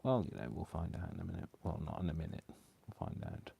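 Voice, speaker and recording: A man's voice: deep voice, fairly even intonation, very fast, creaky, dark tone, husky. A man hosting a live crafting stream, rambling and talking to himself with a lot of apologies as he works. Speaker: craft channel host. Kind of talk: casual live crafting chat.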